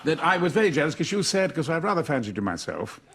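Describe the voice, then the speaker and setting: A man hosting a comedy panel show in a loud, exuberant, theatrical way. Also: fairly high pitch, big pitch swings, quick pace. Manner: loud, exuberant, bursts into shouts and laughter. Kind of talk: booming, theatrical comic hosting. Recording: TV studio with loud audience laughter and noise.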